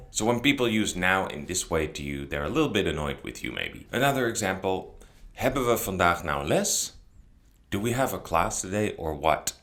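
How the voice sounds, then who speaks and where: A man with a Dutch accent, a native Dutch speaker, calmly explaining a language lesson and acting out example sentences. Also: low voice, moderate pace. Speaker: language teacher.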